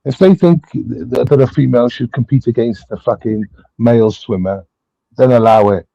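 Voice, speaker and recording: A British man hosts a livestream panel and argues hot topics in a heated, casual debate, stammering and repeating himself before landing his point and swearing freely. His medium-pitched voice is dark, mellow, and gravelly, at a moderate pace. The audio is dry and a little dull, like a lo-fi stream mic, with no room sound.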